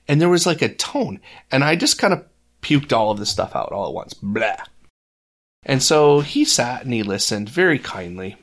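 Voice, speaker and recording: A man's voice: medium pitch, very animated, moderate pace, fairly bright tone. A man co-hosting a faith podcast, telling a personal story in earnest and acting out the voices of others. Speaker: podcast co-host. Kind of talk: casual faith discussion.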